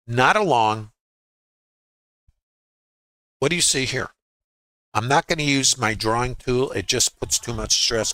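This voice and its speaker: A trading educator with a bright, forceful mid-range voice gives a screen-share lesson over his charts, with no echo. He fires off rhetorical questions in short, clipped phrases, quizzing the listener rapidly.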